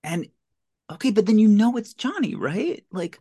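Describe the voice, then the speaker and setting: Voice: mid-range voice, very animated, moderate pace, mellow, slightly rough. Podcast host, mid-range voice: sarcastic, baffled play-by-play of a bad movie. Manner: incredulous, sarcastic running commentary. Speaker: podcast host recapping a film. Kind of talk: casual comedic movie recap.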